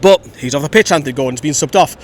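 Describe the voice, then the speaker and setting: A male fan-channel host with a slightly high voice gives a quick-paced, opinionated post-match fan reaction outdoors by a road. His chatty, lively storytelling plays over a faint rumble of traffic.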